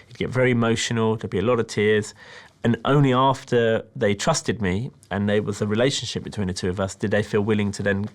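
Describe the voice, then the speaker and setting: British guy, film director, lowish voice, thoughtful measured explaining. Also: fairly even intonation. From Britain. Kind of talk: interview about his documentary.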